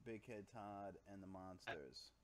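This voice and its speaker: A man's voice: sits low, a little slow, very noisy. A man co-hosting a casual live stream, riffing and playing at being indignant. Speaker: co-host.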